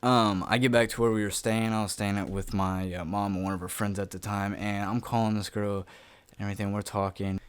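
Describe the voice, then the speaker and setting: A man's voice: on the low side, little pitch movement, brisk, smooth, no echo. A young man telling a personal story on his vlog in a loose, rambling way, full of fillers, casual swearing and self-mocking laughs, recorded at home.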